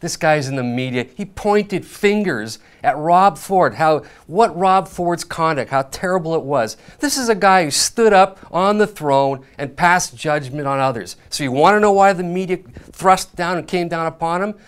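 Brisk, argumentative journalist. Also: male voice, fairly high pitch, animated, clear, resonant tone. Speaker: journalist panelist. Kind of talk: opinionated panel talk.

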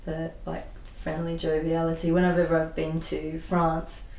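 A woman with a slightly low voice teases her friends in casual chat and laughs readily. She sits back from the mic, and her voice has a faint hiss under it. The room is echoey. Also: monotone, vocal fry, a little mellow, distant mic. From Australia. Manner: teasing, quick to laugh. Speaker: co-host.

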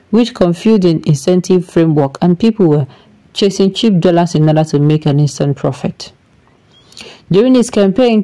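A woman's voice: sits low, mellow. A woman with a Nigerian accent, reading a news report and then giving emphatic, exasperated commentary with pidgin phrases.

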